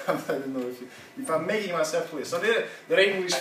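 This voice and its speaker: A man's voice: a little high, expressive, a bit bright, slight background noise. Echoey distant man teaching a class. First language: Russian. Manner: casual, halting, laughs often. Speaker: seminar teacher. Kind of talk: classroom seminar talk. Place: university classroom.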